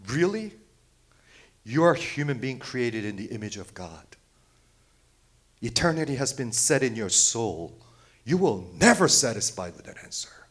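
A man preaching a sermon, asking the congregation rhetorical questions, swinging from loud outbursts to hushed near-whispers. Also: medium pitch, sing-song, normal speed, slightly rough. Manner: rhetorical questions, repeats phrases.

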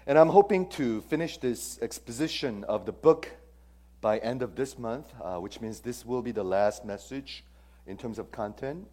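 A male pastor delivering a sermon, his voice sitting at an ordinary middle pitch. He questions the congregation directly. He punches key words loudly and then drops to hushed, almost whispered lines for weight. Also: lively intonation, moderate pace. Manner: emphatic, swings between loud stresses and hushed near-whispers.

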